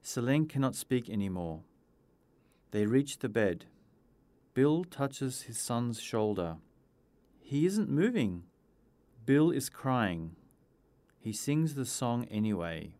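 A man reading a simple story aloud in a clear storytelling manner. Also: mid-range voice, big pitch swings, takes it slowly, a little mellow, no echo. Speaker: narrator. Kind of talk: scripted storybook narration.

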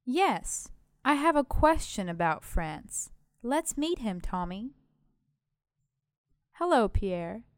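A woman voicing a friendly British schoolgirl at a party, speaking slowly and carefully in a scripted language-lesson dialogue. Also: on the high side, very animated, no echo, studio quality. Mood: cheerful.

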